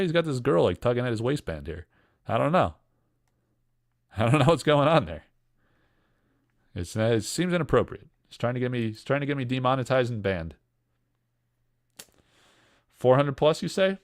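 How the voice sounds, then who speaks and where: A man with a medium-pitched voice and noticeable vocal fry hosts a casual livestream where he sells card breaks. He jokes and rambles while reading chat comments aloud.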